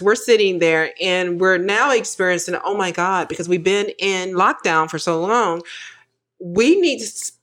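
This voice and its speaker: A woman co-hosting a podcast, chatting casually and animatedly, laughing often as she talks. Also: on the low side. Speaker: podcast co-host. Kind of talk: casual chat.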